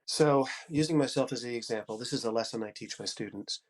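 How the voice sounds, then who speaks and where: A man's voice: medium pitch, a little fast. A man in his fifties, an audiobook narrator and coach giving a talk, with a head cold and a generous, upbeat, encouraging way of speaking. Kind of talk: conference talk.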